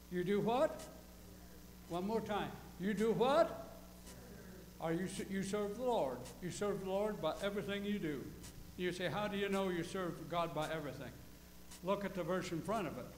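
A man's voice: high-pitched, reverberant, big-room sound, a little hiss or hum, poor audio. A male pastor preaching a folksy sermon, quizzing his congregation and repeating key phrases for emphasis. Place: church sanctuary.

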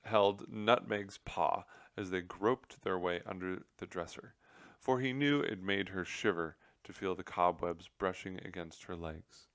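A man reading a children's book aloud as narrator, telling the story gently. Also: sits low, measured pace, no echo. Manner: gentle storytelling with character voices.

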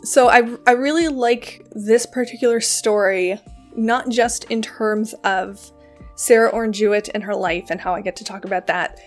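A woman's voice: medium pitch, normal speed, faint music behind. A woman hosting a book channel, talking casually about a short story, chatty and full of fillers and self-corrections. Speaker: host of a book reading channel. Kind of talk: casual spoken literary discussion.

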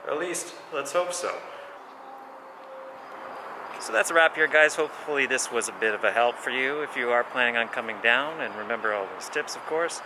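A man's voice: medium pitch, lively intonation, moderate pace. A man casually talking to camera as a travel vlogger at a train station, upbeat and chatty with his viewers. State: out of breath. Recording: outdoor noise, camera mic.

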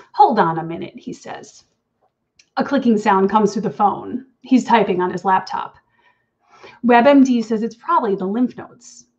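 A woman's voice: medium pitch, darkish tone, highs cut off. A woman author reading her own story aloud in an intimate, wry second-person voice. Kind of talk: reading fiction aloud at an online event.

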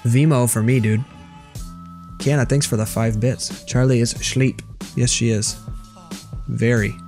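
A man's voice: mid-range voice, steady tone, unhurried, darkish tone, faint music behind. A young man streaming a video game, chatting casually and sarcastically with viewers as he plays. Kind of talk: casual gameplay commentary reading chat.

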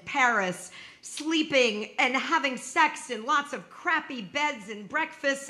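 A woman's voice: mid-range voice, sharp tone. A woman in her sixties telling a true personal story on stage, with wry comic timing and emphatic punchlines.

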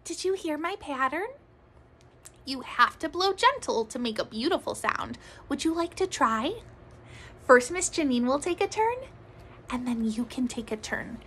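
A woman music teacher leading a children's recorder lesson, speaking gently in a sing-song way and sometimes dropping to soft whispers. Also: high voice, expressive, measured pace, breathy edge, low-quality recording. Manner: drops to soft whispers to demonstrate.

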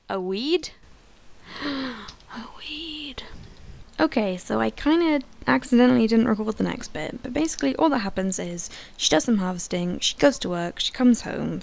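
A woman hosting a life-sim let's play, chatting excitedly, often gasping and squealing. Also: medium pitch, vocal fry. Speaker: gaming channel host.

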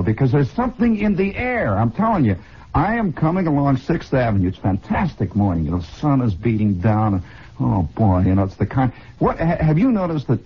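A man in his forties from the United States, hosting a rambling comic radio monologue as an excitable, digressive storyteller, heard on a dull 1960s broadcast. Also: medium pitch, husky. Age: 40s. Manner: excitable, digressive storyteller who repeats and restarts. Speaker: radio host.

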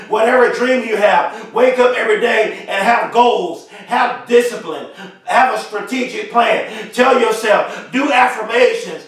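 A man giving a motivational speech, shouting short repeated affirmations with strong emphasis. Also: very high-pitched, measured pace. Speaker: motivational speaker. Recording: very echoey, far from the mic.

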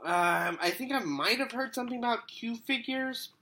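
A man's voice: very high voice, normal speed, pushed and bright. A man with a cold vlogging an unboxing in a loopy, rambling way. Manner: loopy and rambling, trails off, hums to himself. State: sick with a cold. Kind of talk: casual unboxing vlog.

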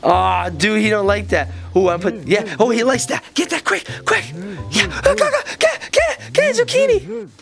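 A middle-aged man hosting a kids' game video, joking excitedly and playfully as he plays alongside his child. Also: high voice, normal speed, vocal fry, soft background music. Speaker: gaming channel host.

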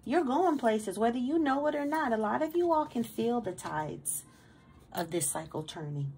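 A woman's voice: a little high, animated, moderate pace, darkish tone, a little hiss or hum. Profane, emphatic woman tarot reader. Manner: emphatic, profane and streetwise, with repeated stammered words; preachy motivational pep talk. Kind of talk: casual tarot reading to camera.

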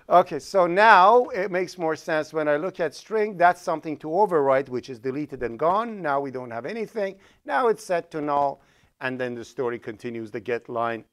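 Animated and a bit bright, a man with a slightly high voice teaches programming at a moderate pace while coding live. He speaks with a Persian accent, reasoning aloud with fillers and self-corrections.

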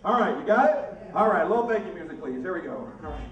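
A man's voice: sits high, very animated, rapid-fire, lo-fi sound, soft background music. A man hosting a comedy mind-reading stage show, joking with audience members in an upbeat manner. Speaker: comedy mentalist host. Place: theater stage with live audience. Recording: roomy stage sound from a distance.

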